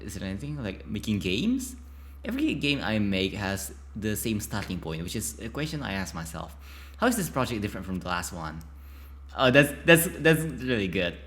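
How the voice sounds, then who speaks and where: A man playing through a text game, reading its passages aloud between excitable, chatty reactions full of restarts. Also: fairly low pitch. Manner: excitable, chatty, many filler likes and restarts. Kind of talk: casual game playthrough with read-aloud text.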